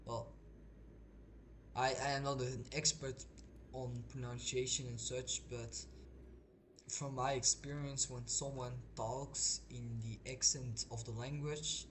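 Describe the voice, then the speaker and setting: He takes it slowly, speaking in a level, medium-pitched voice, a Belgian gamer streaming in English, which is not his first language. His casual talk over gameplay is rambling and hesitant, full of restarts, captured on a noisy home mic.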